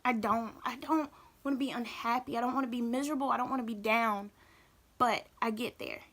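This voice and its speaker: Bright-voiced woman in a halting confessional. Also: a little high, fairly even intonation. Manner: halting, emotional, repeats herself. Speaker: vlogger. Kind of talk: personal confessional vlog.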